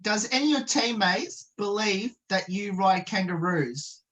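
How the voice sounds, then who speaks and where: A man's voice: high voice, expressive, unhurried, a bit bright, poor audio. Man hosting a sports show. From Australia. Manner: friendly, many filler "uh"s. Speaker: sports radio host. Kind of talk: radio interview hosting.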